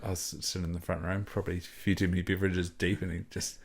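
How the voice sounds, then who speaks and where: A man's voice: low voice, little pitch movement, fast. A New Zealand man with a laid-back accent, chatting as a podcast guest and telling funny stories. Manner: laid-back storytelling, laughs often, some swearing. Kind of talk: casual chat.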